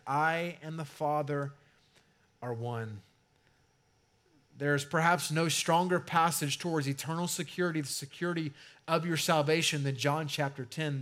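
A man preaching a sermon as pastor, talking casually, then swelling into emphatic, drawn-out stresses. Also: fairly high pitch, fairly bright tone.

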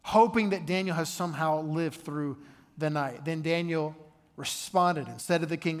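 A male pastor preaching a sermon in a church, conversational and animated as he tells the story. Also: a little high, moderate pace, in a large hall.

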